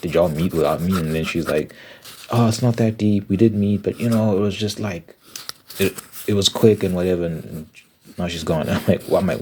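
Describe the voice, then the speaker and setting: A man hosting an ASMR channel, telling a story in an exasperated, animated rambling way with lots of restarts. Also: low-pitched, normal speed, long pauses, a little hiss or hum.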